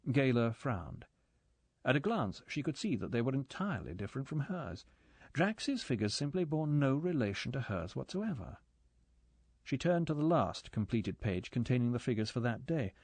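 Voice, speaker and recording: A man narrating a spy thriller audiobook in a measured, steady storytelling voice. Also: medium pitch, slightly rough, no room sound. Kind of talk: scripted narration.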